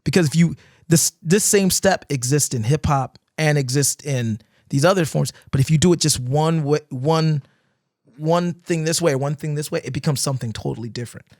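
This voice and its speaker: A man on a podcast telling stories in casual chat, animated, swearing freely and acting out cheering friends. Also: fairly high pitch, normal speed, no room sound, studio quality. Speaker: guest dancer. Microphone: podcast microphone.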